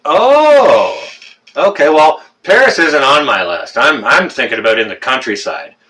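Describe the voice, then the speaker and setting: A Canadian man in his fifties hosting a live stream chats casually, joking and teasing viewers with many fillers and restarts. His mid-range voice swings widely in pitch and sounds bright and forceful at a normal speed.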